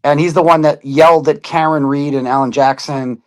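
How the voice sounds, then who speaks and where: A man's voice: fairly high pitch, fairly even intonation, moderate pace. A man in casual chat, telling a story with lots of swearing and putting on other people's voices. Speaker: podcast guest.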